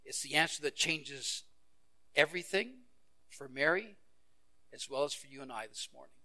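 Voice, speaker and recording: A male pastor preaching a sermon with a bright, forceful voice that sits a little high for a man. He retells Bible stories and voices the characters as he goes. He swings from loud, punchy exclamations down to near-hushed moments. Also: animated, moderate pace. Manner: storytelling, acting out the characters' lines.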